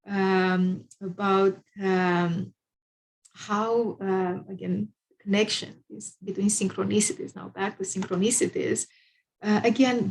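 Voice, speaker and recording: A woman's voice: medium pitch, steady tone, takes it slowly, poor audio. A woman therapist and author telling a spiritual parable, speaking hesitantly with many fillers.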